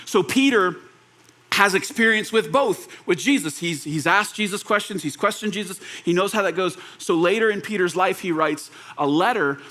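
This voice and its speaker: A young man preaching a conversational sermon, animated and relaxed, slipping into quoted voices and laughing now and then. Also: high-pitched, moderate pace. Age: young adult. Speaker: pastor.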